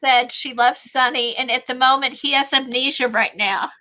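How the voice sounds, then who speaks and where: A lively woman hosting a relaxed chat, teasing her friend and laughing easily. Her voice is high and bright, with a sharp edge. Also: moderate pace. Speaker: channel host. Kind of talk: casual chat.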